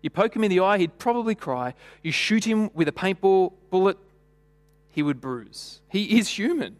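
A man preaching a sermon in a church, chatty and storytelling, tossing rhetorical questions at the congregation. His voice sits slightly high for a man. Long reverb trails each phrase. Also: animated, normal speed.

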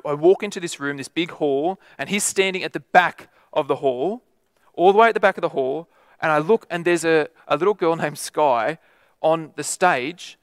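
A man's voice: a little high, no room sound, clean studio sound. Man preaching a chatty sermon. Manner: conversational, rhetorical tag questions.

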